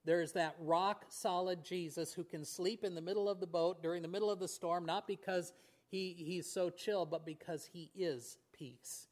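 A man preaching a sermon in an earnest way, often slowing and dropping to a near whisper on key words. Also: high voice, steady tone. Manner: earnest, with fillers and restarts, voice swings between hushed and raised. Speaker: pastor.

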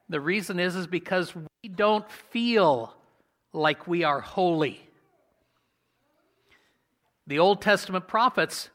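A man preaching a sermon in a conversational way, asking his congregation questions and slowing down to stress key words. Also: sits high, pushed and bright. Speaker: pastor.

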